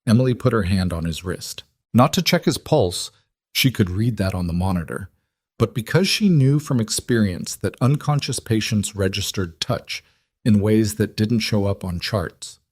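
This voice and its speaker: A man narrating a scripted story in a measured, steady delivery. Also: fairly low pitch, no echo, clean studio sound.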